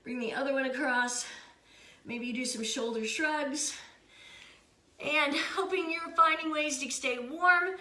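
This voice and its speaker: A woman's voice: high voice, unhurried, sharp tone. An older woman leading a home workout, upbeat and encouraging, often laughing between counts. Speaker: fitness instructor. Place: room at home. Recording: echoey room.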